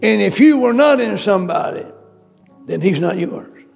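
Preaching in a church, a man uses a high, gravelly, expressive voice at a moderate pace while faint music plays behind him. His sermon is emphatic and repetitive, and he calls out questions to the congregation.

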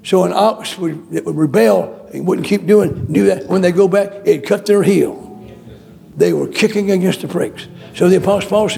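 A man's voice: sits high, moderate pace, gravelly, mellow, soft background music. A man preaching a sermon, repeating phrases and restarting often as he builds emphasis.

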